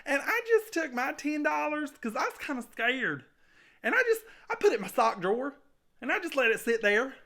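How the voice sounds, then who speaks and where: A man's voice: extremely high pitch, very animated, fairly quick, sharp tone, exaggerated voice. A man playing a nervous, rambling servant who tells his tale in a comic skit. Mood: sheepish.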